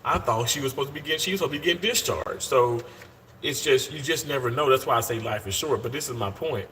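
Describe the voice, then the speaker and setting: Bright-voiced upbeat man chatting to viewers. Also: medium pitch, fast, a little hiss or hum. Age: 30s. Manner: upbeat and talkative, addresses viewers as y'all, often restarts sentences. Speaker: live-streaming surgical worker. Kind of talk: casual live-stream chat reading viewer comments. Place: hospital.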